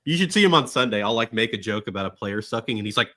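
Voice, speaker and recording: A man's voice: lowish voice, expressive, fast talker, sharp tone. A man from Georgia co-hosting a casual sports betting podcast, joking and playful, never taking things seriously. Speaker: podcast co-host.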